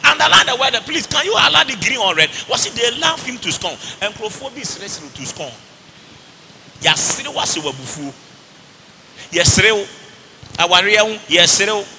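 A man with a Ghanaian accent preaching a fervent sermon in Twi and English, shouting declarations between playful asides. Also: very high-pitched, sing-song, brisk, gravelly, long reverb tail, background noise.

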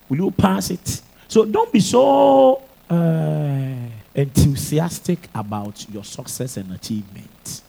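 Gravelly Ghanaian preacher man. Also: on the high side, unhurried. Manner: animated preaching mixing English and Twi. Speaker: pastor. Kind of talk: sermon.

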